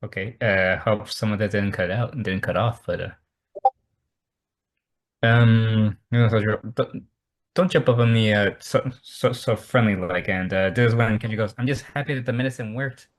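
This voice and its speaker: A man's voice: lowish voice, steady tone, normal speed. A man retelling anime scenes over a call, stumbling and repeating words as he goes. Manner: stumbling, repetitive retelling with many restarts. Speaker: anime review co-host. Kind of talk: casual chat over a call.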